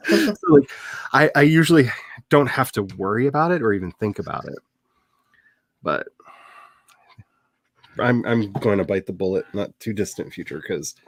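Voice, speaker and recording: Animated middle-aged man chatting on a livestream. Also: fairly low pitch, no room sound. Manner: chatty and animated, quick laughs, dramatic asides. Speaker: author hosting a writing livestream. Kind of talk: casual livestream chat.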